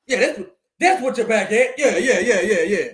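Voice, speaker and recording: A man hosting a live sports stream, loudly gloating and trash-talking, repeating his jabs and breaking into laughs and whoops. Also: high-pitched, animated, normal speed, echoey room.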